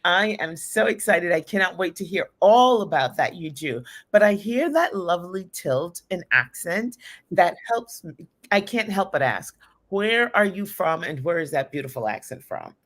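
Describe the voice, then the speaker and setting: Upbeat woman talk show host, lowish voice. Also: expressive, moderate pace, fairly bright tone. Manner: upbeat, effusive welcomes. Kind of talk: live talk show hosting.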